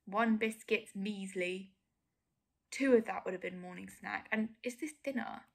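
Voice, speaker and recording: A woman's voice: mid-range voice, a little slow, vocal fry. A young woman giving candid, self-critical reaction commentary as a vlogger, often dropping to a near whisper.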